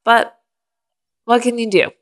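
A woman's voice: on the high side, fairly even intonation, unhurried, fairly bright tone. A woman co-hosting a podcast, recapping a movie in casual chat and eagerly explaining facts. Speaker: podcast co-host.

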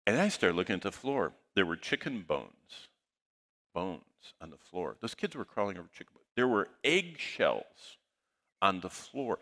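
A middle-aged man preaching a sermon, telling a personal story with lively quoted dialogue. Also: fairly low pitch. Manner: animated anecdote, quotes dialogue in lively voices. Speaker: pastor.

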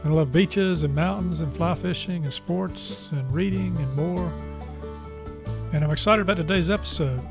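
A man's voice: fairly high pitch, normal speed, gravelly. A male podcast host introducing the episode and reading announcements in a chatty way, with many "uh" fillers. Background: guitar music.

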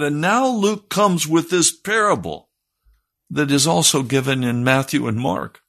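Husky-voiced man preaching. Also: fairly high pitch, unhurried, a bit bright. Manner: earnest preaching, rising to fervent emphasis. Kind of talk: sermon.

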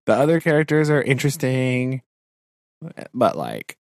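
A man co-hosting a podcast who chats about movies, lively and quick to laugh, with mock-dramatic complaints. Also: medium pitch, no room sound, clean studio sound. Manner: animated, laughs often, exaggerated complaints. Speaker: podcast co-host. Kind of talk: casual movie chat.

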